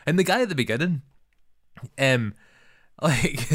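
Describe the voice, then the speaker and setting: A Scottish man co-hosting a podcast, giving blunt, swearing, animated opinions in casual chat. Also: mid-range voice, moderate pace, no echo, studio quality. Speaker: podcast co-host.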